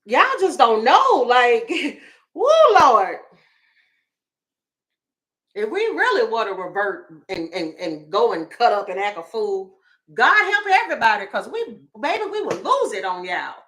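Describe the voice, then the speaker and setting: A woman tarot reader giving casual opinion commentary to camera, animated and sassy, talking straight to her viewers. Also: fairly high pitch. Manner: mimics other people in quick asides.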